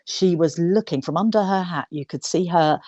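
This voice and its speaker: Low-voiced woman recalling a broadcast. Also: moderate pace, darkish tone, dry recording, muffled recording. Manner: reflective, fond, slightly hesitant. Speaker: broadcaster and commentator. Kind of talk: interview recollection.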